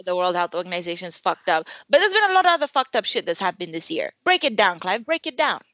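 A woman co-hosting a casual podcast chat, animated and emphatic, swearing freely. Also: fairly low pitch, fast talker. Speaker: podcast co-host.

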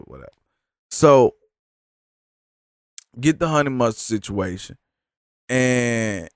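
A man's voice: medium pitch, no room sound, clean studio sound. Profane, worn-out man telling a story. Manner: profane, animated storytelling with mocking quotes. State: sick and tired, sniffling. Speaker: podcast host. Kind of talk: casual storytelling monologue.

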